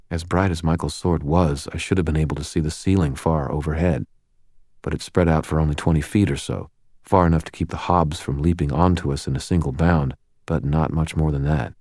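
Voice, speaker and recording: Very deep-voiced man narrating an audiobook. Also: dry recording, studio quality. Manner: steady, measured first-person reading.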